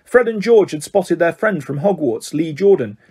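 A man's voice: fairly high pitch, animated, moderate pace, darkish tone, breathy edge. A man reading a storybook aloud, now and then stumbling over words and correcting himself. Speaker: reader. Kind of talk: storybook narration.

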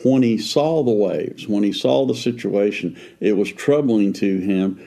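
Low, mellow-voiced man preaching conversationally. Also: measured pace, vocal fry. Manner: earnest, conversational, frequent restarts. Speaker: pastor and podcast co-host. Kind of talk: faith podcast conversation.

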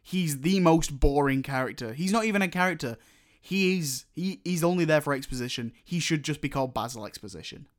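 A man in casual chat, opinionated and animated as he rants. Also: on the high side, fairly quick, few pauses.

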